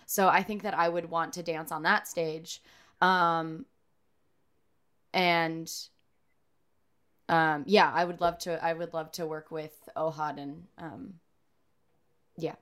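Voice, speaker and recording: A woman guest speaking hesitantly, with many pauses and fillers. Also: deep voice, fairly even intonation, fairly bright tone. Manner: hesitant, full of ums. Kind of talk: casual chat.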